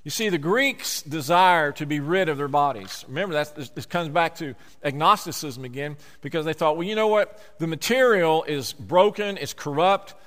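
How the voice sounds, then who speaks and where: A man preaching a sermon, emphatic, slowing down on key words. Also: fairly high pitch, a bit bright, big-room sound.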